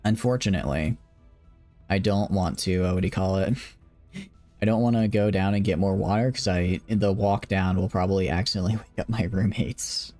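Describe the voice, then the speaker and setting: A man's voice: low-pitched, normal speed, a little mellow, faint music behind. A tired young man casually commenting on his game during a late-night live stream, rambling and joking at his own expense. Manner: rambling, joking, self-deprecating.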